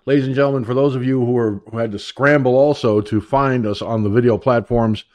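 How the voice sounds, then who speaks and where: A man hosts a call-in radio show, winded and rambling, talking himself through a scramble to get on air. His voice sits at an ordinary middle pitch. The recording is dry and close, with no room sound around him. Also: fairly even intonation, brisk, darkish tone, no room sound. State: out of breath. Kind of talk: casual call-in show chat.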